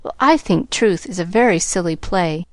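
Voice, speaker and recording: A woman voicing a brisk, sensible young girl in a storybook, matter-of-fact. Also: fairly low pitch, expressive, dry recording. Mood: dismissive.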